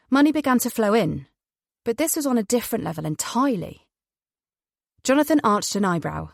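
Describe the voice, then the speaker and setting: A woman's voice: mid-range voice, dry recording. A woman reading a suspense novel aloud, her voice rising and falling vividly. The sound is dry and close, with no room around it. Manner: expressive, storytelling. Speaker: audiobook narrator. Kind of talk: scripted audiobook narration.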